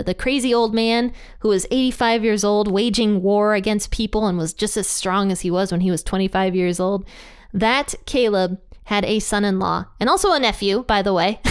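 A woman's voice: mid-range voice, smooth. A woman giving a casual, conversational Bible study talk as the host of her channel, mixing scripture with personal stories. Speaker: Bible teacher.

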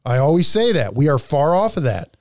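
A man's voice: on the high side, very animated, brisk, darkish tone. A man hosting a podcast, ranting profanely through heated political commentary. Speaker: podcast host.

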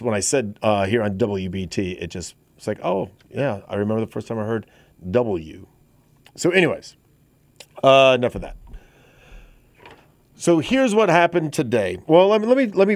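A man's voice: fairly low pitch, a little mellow, no echo. A man in his fifties hosting a talk radio show, talking in a conversational, rambling way with frequent restarts. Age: 50s. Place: radio studio.

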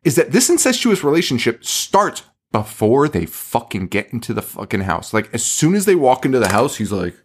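Swearing freely, a male podcast co-host acts out scenes and quotes from a movie in an animated, casual chat. His mid-range voice moves at normal speed with few pauses, over slight background noise.

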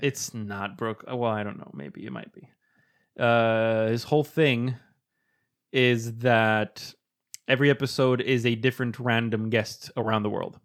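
Chatty podcast host, not American. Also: male voice, medium pitch. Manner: chatty, quick asides, laughs often. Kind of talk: casual podcast chat.

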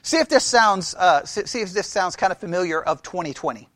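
A man's voice: sits high, expressive, brisk, a bit bright, dry recording. A man lecturing a Bible class in a conversational way, quizzing his listeners and repeating key phrases.

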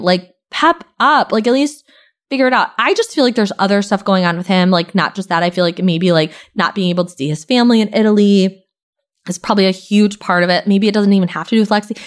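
A young woman hosting a podcast, recapping reality TV in a gossipy, chatty way, full of "like" and casual swearing. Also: medium pitch. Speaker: podcast host.

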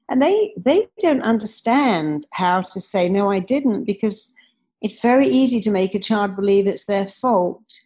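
A woman's voice: medium pitch, animated, normal speed, a little mellow. A woman, a therapist guest in an interview, speaking earnestly and acting out the dialogue she quotes. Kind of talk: podcast interview answer. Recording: slightly dull lo-fi audio.

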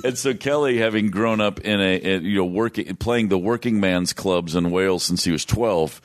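A man's voice: low voice, normal speed. A man, a touring musician, telling a long story in casual chat, with restarts and laughs. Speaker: guest musician.

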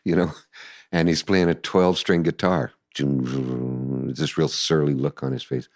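An older man telling stories in a casual interview, animated and acting out voices and sounds. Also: very deep voice, measured pace, no echo, clean studio sound. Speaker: guest musician recalling the past.

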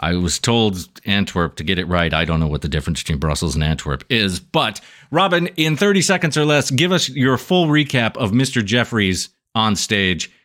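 A male podcast host with a bright, forward tone and a very lively, swooping delivery. He keeps things playful and jokey as he steers a casual chat. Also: lowish voice, moderate pace, few pauses. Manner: upbeat, jokey, playful emcee patter.

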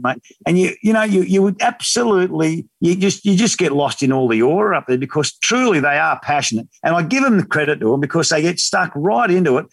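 A man's voice: a little high, dry recording. A man in his fifties with an Australian accent, chatting casually as a guest and telling stories with slang and laughter. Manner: animated storyteller, slangy and laughing. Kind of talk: casual radio chat.

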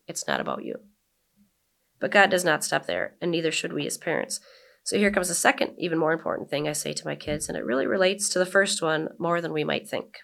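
A woman's voice: low voice, creaky. A woman in her forties, a guest chatting casually in an interview and then reading her own blog aloud. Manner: relaxed and chatty, reads with emphatic quoted lines. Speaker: guest, blogger and brewery owner.

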